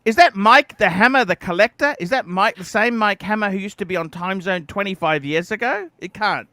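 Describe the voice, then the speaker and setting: A man hosting a casual livestream, telling a story in an animated way, acting out quoted messages and laughing often. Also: sits high, a little fast, no echo. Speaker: livestream host.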